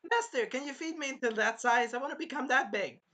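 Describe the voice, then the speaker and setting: A man's voice: extremely high pitch, fast, bright, forceful tone, pitched above the performer's own voice, exaggerated voice. A man voicing a greedy, pleading bird girl in a squealing, whiny tone.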